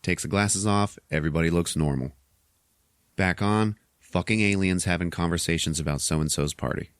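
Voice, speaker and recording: A man's voice: deep voice, normal speed, clear, resonant tone, no room sound, studio quality. A man hosting a podcast, retelling a film scene by scene with swearing and laughter. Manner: animated retelling, profane, laughs often. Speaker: podcast host. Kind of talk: casual movie recap chat.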